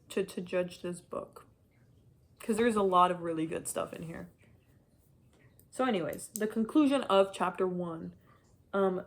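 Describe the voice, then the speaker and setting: A young adult woman giving a casual chapter-by-chapter book review, talking in an animated, frustrated rant full of "like". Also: lowish voice. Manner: animated, frustrated ranting, heavy use of "like". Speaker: book vlogger.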